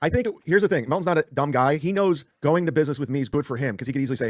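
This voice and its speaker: A man argues defensively on a podcast, tripping over his words. He talks very fast at a fairly high pitch. The sound is dry and close. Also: no room sound. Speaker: streamer. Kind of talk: heated podcast argument.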